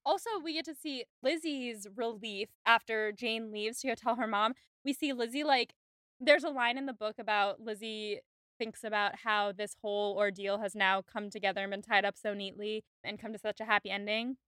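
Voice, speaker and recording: A woman co-hosting a podcast, chatting casually and retelling scenes in a lively, animated way. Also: mid-range voice, normal speed, smooth, no room sound, clean studio sound. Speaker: podcast co-host. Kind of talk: casual chat.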